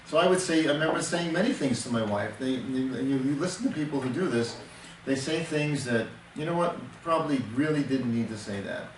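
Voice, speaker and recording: A man's voice: mid-range voice, expressive, a little fast, hardly any pauses. An older man, a counselor, giving an earnest teaching talk and explaining with everyday examples, often restarting his sentences. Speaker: temperament counselor. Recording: echoey room, distant mic, faint noise.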